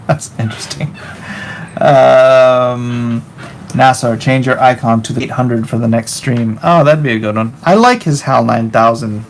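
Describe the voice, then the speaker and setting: Man, mid-pitch, gravelly, unhurried, wry artist reading stream chat aloud at a desk mic. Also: a little hiss or hum, poor audio. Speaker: artist live-streaming while drawing. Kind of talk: casual live-stream chat.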